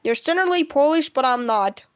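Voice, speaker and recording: Woman streaming her comic drawing, kinda high voice, rambly, keeps coughing. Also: expressive, brisk. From Russia. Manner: rambling, self-correcting, frequent coughs. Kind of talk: casual live-stream chat while drawing.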